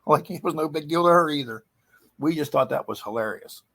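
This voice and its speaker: Husky middle-aged man telling a ghost story. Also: on the high side, fairly quick, a bit bright. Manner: rambling, chatty, with many restarts and laughs. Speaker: guest storyteller. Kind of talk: casual spoken ghost story.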